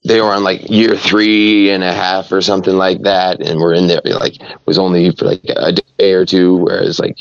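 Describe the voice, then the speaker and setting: A man's voice: deep voice, level tone, moderate pace, creaky, few pauses, dry recording, highs cut off. A podcast guest, a man, rambling in casual chat with many filler words.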